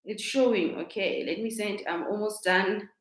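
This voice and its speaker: A woman's voice: medium pitch, fairly even intonation, normal speed. A chatty woman with a South African accent, hosting a casual live stream as a coach and talking into a laptop microphone. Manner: chatty, repeats herself, greets viewers warmly. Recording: echoey room.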